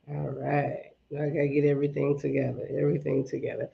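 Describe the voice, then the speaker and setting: A woman's voice: low-pitched, normal speed, creaky, few pauses, dark tone, muffled recording. A woman hosting a casual livestream, chatting with viewers and greeting them one by one, her voice a little shaky. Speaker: livestream host. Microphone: iPad and phone at arm's length.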